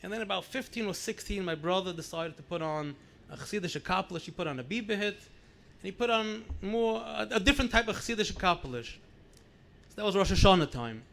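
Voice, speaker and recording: High-voiced man telling family stories. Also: brisk, gravelly. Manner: animated anecdotal storytelling, repeats words for emphasis. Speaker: rabbi sharing memories at a gathering. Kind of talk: storytelling speech.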